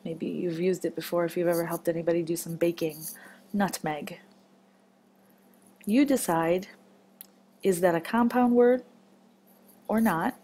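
A woman's voice: fairly low pitch, dark tone. A woman teaching a children's phonics lesson, patient and encouraging as she marks words step by step.

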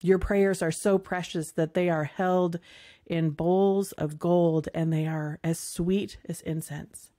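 A woman hosting a faith show, speaking heartfelt and emotional, halting and near tears at times. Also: on the low side, steady tone, mellow. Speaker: podcast host. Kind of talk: heartfelt faith talk to listeners.

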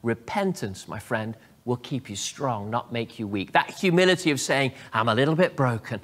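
A man preaching as a pastor, his voice sitting at an ordinary middle pitch. He delivers the sermon expressively and acts out prayers and bits of dialogue as he goes. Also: expressive, normal speed, hardly any pauses, a bit bright.

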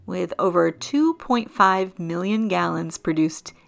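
A woman from southern Vermont narrating her vlog as host, in an even, informative voice-over. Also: fairly low pitch, slow pace, vocal fry.

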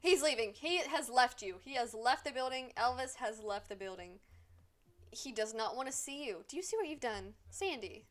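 A woman streaming a life-sim game, excitably scolding the characters and swearing freely in casual commentary. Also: on the high side, normal speed. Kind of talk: casual live gameplay commentary.

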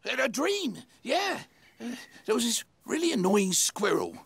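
Tommy Brock, a gravelly badger. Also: medium pitch, very animated, dry recording, exaggerated voice. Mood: dazed grumbling. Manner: grumbling, drawn-out exclamations. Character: grumpy sleepy male badger, gruff and dozy. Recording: cartoon soundtrack with music.

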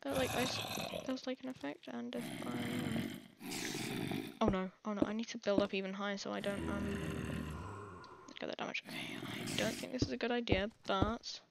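This is an English woman talking over her own gameplay as it happens. Her voice sits a little high, and she rambles, frets and bursts into panicked exclamations. The recording carries a clear hiss and clicks from a home mic. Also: sing-song, moderate pace. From England. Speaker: gaming channel host. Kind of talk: live gameplay commentary.

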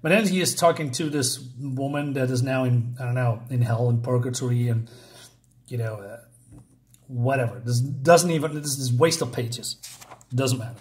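A man's voice: medium pitch, moderate pace. A man giving a casual, rambling review of a comic book, drifting into asides with frequent fillers.

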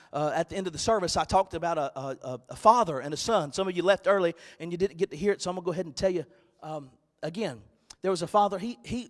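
A male pastor preaching a sermon, swinging from loud, shouted exhortation to quiet, hushed storytelling. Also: high voice, big-room sound.

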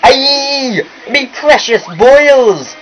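A man's voice: medium pitch, unhurried, fairly bright tone, lightly acted. Man hamming up a pompous fish lord. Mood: yelping. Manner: haughty, theatrical reading of boss lines. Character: pompous male angler fish boss. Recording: lo-fi capture with faint game music.

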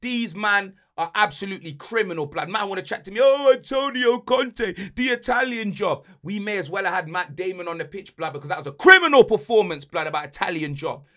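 A man's voice: sits high, lively intonation, fast, hardly any pauses, pushed and bright. A young man hosting a football podcast, ranting angrily about his team's loss in heavy slang. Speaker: podcast host and football fan. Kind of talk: heated fan rant.

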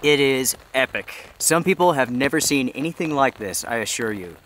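A man's voice: mid-range voice, normal speed, low-quality recording. A man from North Carolina talks casually to viewers while camping in the woods, out of breath at times. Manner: easygoing, chatty, addresses viewers directly. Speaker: outdoor vlogger. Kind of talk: casual vlog narration to camera. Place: outdoors under a tarp in a rainy forest. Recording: outdoor camera mic with steady rain noise. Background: rain falling on a tarp.

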